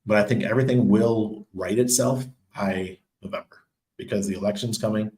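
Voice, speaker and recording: A man's voice: sits low, darkish tone. A man hosting a casual crypto livestream, reading viewer comments and answering in a loose, chatty way with lots of ums and laughs. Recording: echoey room.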